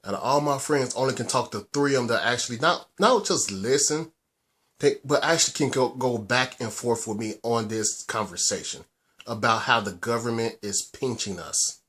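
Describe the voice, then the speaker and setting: American man, vlog rant, husky and mid-pitched, agitated, halting, keeps restarting his sentences. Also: bright, forceful tone. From United States. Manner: agitated, halting, with repeated restarts and emphatic swearing. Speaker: vlogger. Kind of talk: angry personal vlog rant.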